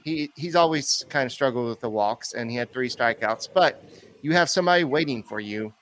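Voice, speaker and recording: A man's voice: mid-range voice, a little fast, fairly bright tone. A man co-hosting a sports podcast, recapping a game in an easygoing, rambling way. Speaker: podcast co-host. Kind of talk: casual sports chat.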